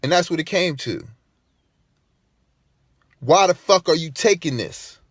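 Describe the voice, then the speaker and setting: A man talking straight to the camera in a fired-up monologue, his pitch a little high and swinging widely as he presses each point. He swears freely and circles back on the same phrases for emphasis. The sound is dry and close, with no room echo. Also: lively intonation, measured pace. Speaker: vlogger.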